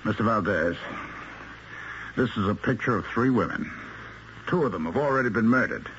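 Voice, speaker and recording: A patient police lieutenant. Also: male voice, lowish voice, lively intonation, normal speed, a bit bright, a little hiss or hum. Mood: coaxing. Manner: firm, coaxing questioning. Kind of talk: 1970s radio drama acting. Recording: dull lo-fi 1970s radio recording.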